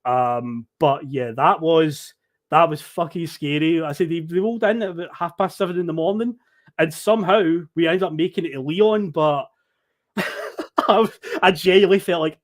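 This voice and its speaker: A man's voice: on the high side, unhurried. Swearing Scottish man telling a story. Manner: animated, swearing, laughing storyteller. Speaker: podcast guest. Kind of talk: casual storytelling.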